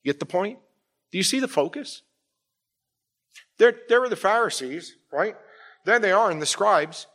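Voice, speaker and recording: A man's voice: sits high, lively intonation, a little slow, a bit bright. Man preaching with rising, emphatic fervor. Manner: emphatic preaching with frequent "all right?" check-ins. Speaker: pastor. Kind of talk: sermon.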